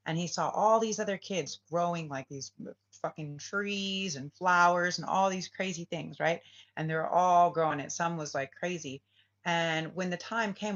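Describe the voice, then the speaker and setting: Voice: mid-range voice, a bit bright, dull audio. A spiritual reader and channel host telling a story in a casual vlog, rambling, swearing often, restarting phrases and asking "right?" again and again.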